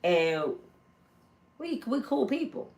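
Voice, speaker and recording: A woman, telling celebrity gossip in a casual, animated storytelling way and acting out quoted lines in high voices. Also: slow pace. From Michigan, USA. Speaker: gossip vlogger.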